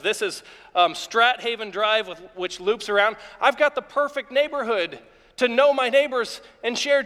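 High-voiced pastor preaching in a hall. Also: male voice. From Ohio. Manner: animated storytelling preacher, acts out yelling at his dog. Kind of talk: sermon. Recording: long reverb of a large hall.

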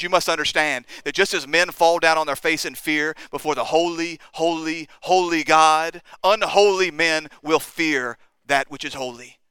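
A man preaching a sermon, impassioned, swinging between quiet and intense. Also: a little high, clean tone, no echo. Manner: impassioned, rises and drops in intensity.

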